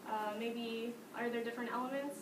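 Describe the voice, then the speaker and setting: Female music teacher, bright classroom energy, higher voice, distant noisy echoey recording. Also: a little fast. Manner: lively, sing-song demonstrations with frequent laughs. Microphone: distant camera mic.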